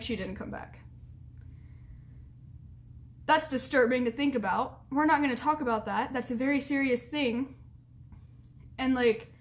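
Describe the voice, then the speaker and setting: High-voiced woman, frank and giggly. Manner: frank and blunt, giggly, with lots of "like". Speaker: vlogger. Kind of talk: candid storytelling and advice.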